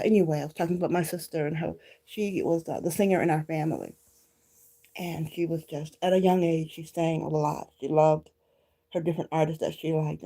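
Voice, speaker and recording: Brief: woman vlogger from Detroit, low voice, warm and unhurried, reminiscing straight to camera. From Detroit, Michigan. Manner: reminiscing, talks straight to viewers. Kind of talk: casual chat to viewers.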